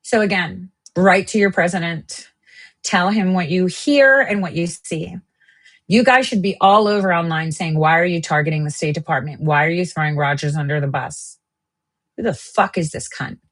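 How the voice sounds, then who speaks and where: A woman with a low, husky voice hosts her own streamed show. She rants in a heated, profane way and jumps between topics. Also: moderate pace. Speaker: online show host. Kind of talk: angry political rant.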